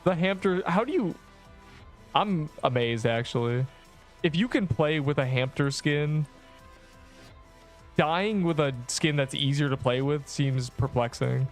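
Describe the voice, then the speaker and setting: A man commentating his gameplay on a livestream, excitable, laughing often and rambling through asides. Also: mid-range voice, measured pace, soft background music.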